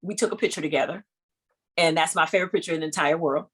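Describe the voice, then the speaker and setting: A woman singer guesting on a podcast, telling an animated, expressive story in casual conversation. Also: deep voice, fast talker, slightly rough.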